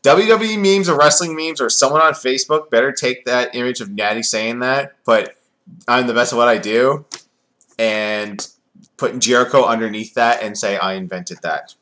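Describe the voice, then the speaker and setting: A man's voice: medium pitch, normal speed, a bit bright. A man casually reviewing a wrestling reality show, rambling with many fillers and sarcastic asides.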